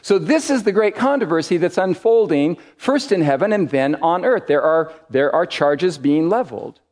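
A man preaching a sermon in an emphatic, deliberate way, with dramatic pauses between phrases. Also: on the high side, lively intonation, darkish tone, big-room sound.

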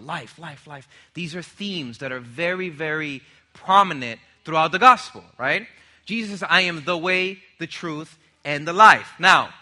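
A young male preacher delivering a sermon with a strikingly bright, cutting voice, pitched slightly high for a man. He speaks emphatically and keeps drawing the congregation in with call-and-response questions. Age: young adult.

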